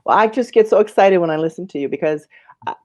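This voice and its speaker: A woman's voice: fairly low pitch, lively intonation, quick pace, darkish tone, no echo. A woman in her fifties telling a personal story as an interview guest, earnest and emotional, often repeating her words.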